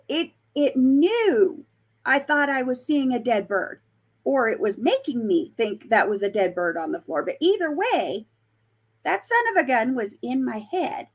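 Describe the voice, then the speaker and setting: A woman's voice: high voice, big pitch swings, a little slow, slightly rough. A woman from Colorado, a paranormal investigator, chatting as a guest with many fillers and restarts. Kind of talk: casual storytelling interview.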